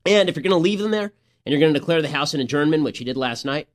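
A man's voice: fairly high pitch, expressive, very fast. A man hosting a political commentary podcast, talking in a sarcastic, mocking way. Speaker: podcast host.

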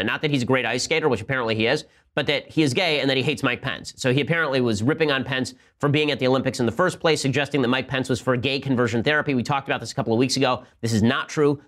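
A male talk show host who speaks at a fast clip in a sarcastic, combative voice. His pitch sits in the middle, and he fires off asides and quick rebuttals in a steady stream. The delivery is pointed and relentless. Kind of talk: fast opinionated commentary with ad read.

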